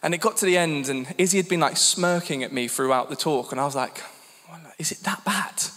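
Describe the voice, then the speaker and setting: A man's voice: a little high, fast talker, fairly bright tone. A man in his thirties from England giving a candid, self-deprecating personal testimony at a church gathering. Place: church hall. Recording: long reverb in a church hall.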